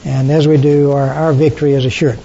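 An older man teaching a Bible study class, halting with frequent fillers and throat clearing. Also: little pitch movement, mellow. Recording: dull lo-fi recording with faint rumble.

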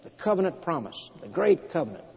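A man's voice: a little high, big pitch swings, vocal fry, darkish tone, husky. Preacher man in a reverberant hall. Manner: plain storytelling with frequent pauses and fillers. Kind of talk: sermon retelling scripture.

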